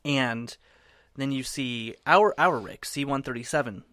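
A man's voice: medium pitch, a little slow, fairly bright tone, no echo, clean studio sound. A man in casual chat, retelling TV scenes and quoting characters.

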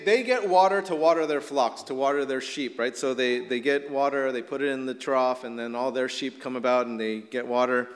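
A middle-aged male pastor preaching a casual, animated sermon with many fillers. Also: medium pitch, in a large hall.

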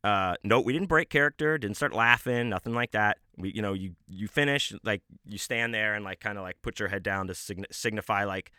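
A man on his podcast tells a story in a bright, forceful voice that sits a little low. He rambles, swears freely and keeps restarting his sentences. The sound is dry and close to the mic. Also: brisk, hardly any pauses, smooth, no echo. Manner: rambling, profane, with many restarts and fillers. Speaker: podcast host. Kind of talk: casual storytelling.

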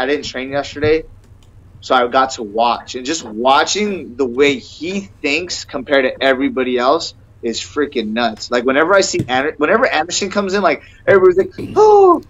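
A man's voice: medium pitch, a bit bright. A young man, a fighter guest on a podcast, talking eagerly and rambling, with "bro" and "man" at every turn. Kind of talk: casual interview chat. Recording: dull lo-fi sound.

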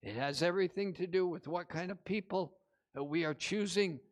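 A male pastor preaching a sermon, retelling a parable with animated emphasis and frequent "uh" fillers. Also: sits high, normal speed. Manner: many "uh" fillers, animated storytelling with rising emphasis.

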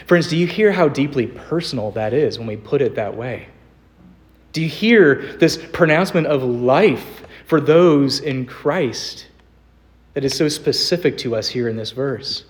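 Young guy giving a sermon, earnest, mid-pitched voice, slows way down on the scripture bits. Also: lively intonation. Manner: earnest, varied emphasis, slows on quoted scripture. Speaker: pastor. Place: church sanctuary.

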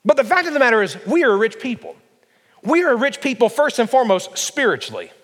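A man's voice: very high voice, very animated, fast talker, fairly bright tone. A man preaching a sermon to his congregation, emphatic and full of rhetorical questions. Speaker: pastor. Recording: long reverb of a large hall.

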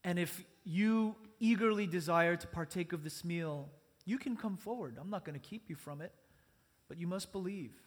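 High-pitched pastor guy preaching earnestly, big echoey church sound. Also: normal speed, breathy edge. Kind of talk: sermon. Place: church sanctuary. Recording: long church reverb.

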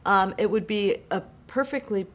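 A woman actor speaking thoughtfully in conversation, pausing with fillers and restarts. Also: mid-range voice. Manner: hesitant, thoughtful, many fillers. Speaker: actor guest. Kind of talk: casual conversation.

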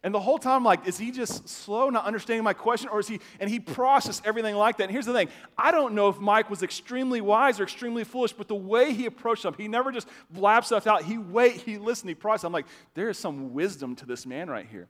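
A man preaching a sermon to his congregation, talking in a loose, conversational way with quick restarts. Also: high voice. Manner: conversational, animated, with stammered restarts. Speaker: pastor. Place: church sanctuary. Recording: long hall reverb.

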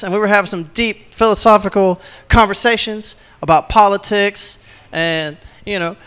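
A man doing an animated stand-up set on a club stage, telling stories with loud laughing outbursts. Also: sits high. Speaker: stand-up comedian. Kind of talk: stand-up set at an open mic.

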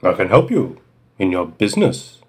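A secretive Frenchman with a thick French accent who keeps chuckling as he talks, as a man puts him on. His voice sits low and measured. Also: wildly swooping pitch, slightly rough, heavily acted. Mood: smooth. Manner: heavy put-on accent, chuckling. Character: mysterious laughing Frenchman on the phone. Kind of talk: comedic dramatic reading.

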